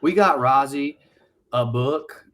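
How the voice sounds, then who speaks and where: A man, co-hosting a podcast as an animated, profane storyteller. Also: mid-range voice, slow. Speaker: podcast co-host. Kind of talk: casual comedic chat.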